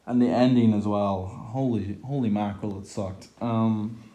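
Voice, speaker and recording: A man's voice: lowish voice, fairly even intonation, a little slow, dark tone. A young man giving an exasperated, profane film review rant, full of filler words and groans of disgust. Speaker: movie reviewer.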